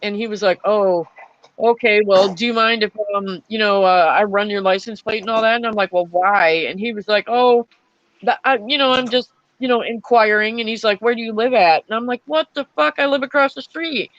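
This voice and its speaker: A woman's voice: mid-range voice, steady tone, brisk, no echo, highs cut off. A young adult woman who is an army veteran, telling stories in a casual chat with lots of fillers and restarts. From Florida. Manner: rambling storytelling with many fillers.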